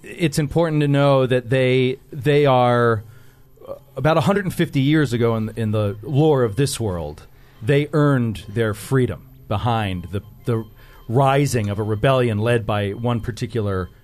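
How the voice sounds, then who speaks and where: A man's voice: mid-range voice, a little slow, darkish tone. A man playing in a tabletop game, explaining the setting's lore in a loose, thinking-aloud way. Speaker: player.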